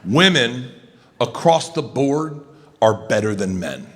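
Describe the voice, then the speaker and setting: A man in his fifties telling stand-up stories on stage, loud and swinging between low asides and shouted high bursts. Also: very animated, slow pace. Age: 50s. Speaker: stand-up comedian. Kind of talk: stand-up comedy storytelling. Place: large arena on stage. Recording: live show with clear crowd noise. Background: audience laughter.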